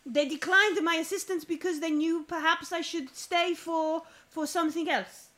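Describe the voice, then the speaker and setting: Woman playing a pompous French-accented poet-zealot, male, florid and unhurried. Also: very high voice, fairly even intonation, pushed and bright, pitched above the performer's own voice. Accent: put-on French.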